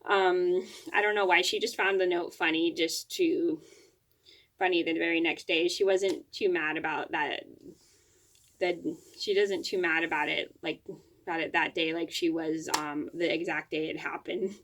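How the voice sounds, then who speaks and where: A woman's voice: fairly low pitch, steady tone, moderate pace, fairly bright tone. A woman vlogger telling a personal story to camera at home, rambling, with frequent restarts and fillers.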